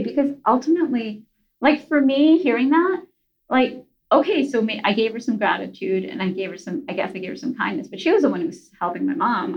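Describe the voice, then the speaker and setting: A woman's voice: a little high, lo-fi sound. A woman guest telling a story earnestly in a casual interview, with many fillers and restarts. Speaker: guest on a podcast.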